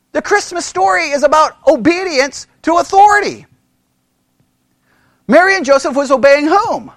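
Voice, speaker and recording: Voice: high-pitched, no echo, studio quality. A pastor preaching a conversational sermon, telling stories full of rhetorical questions and mocking imitations of people. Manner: animated storytelling with rhetorical questions; mimics other people mockingly.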